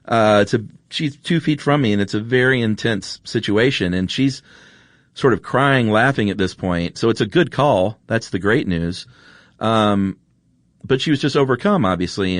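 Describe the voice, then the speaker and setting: A low-pitched man hosts a podcast, casually telling a story full of fillers and restarts. He's recorded on a studio microphone, so the sound is clean with no echo.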